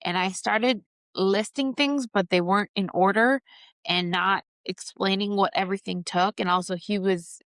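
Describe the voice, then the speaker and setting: A woman's voice: mid-range voice, steady tone, moderate pace, a bit bright, no room sound. A middle-aged woman hosting a podcast, telling a personal story candidly and with feeling. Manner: candid, emotional, reenacts her own outbursts. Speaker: podcast host.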